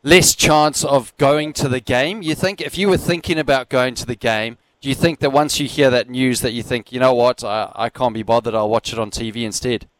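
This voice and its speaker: A man's voice: mid-range voice, fairly even intonation, a little fast, hardly any pauses, dry recording, rough recording. A male co-host puts long, winding questions to callers. His mid-range voice is close-miked and dry. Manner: probing questions, rambling. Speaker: radio co-host. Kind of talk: talkback radio hosting.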